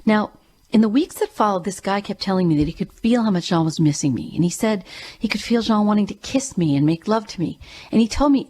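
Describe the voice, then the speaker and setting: A woman's voice: medium pitch, lively intonation, brisk, a little mellow. A woman hosting her own show, telling a personal story in an earnest, emphatic way. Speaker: show host and grief coach.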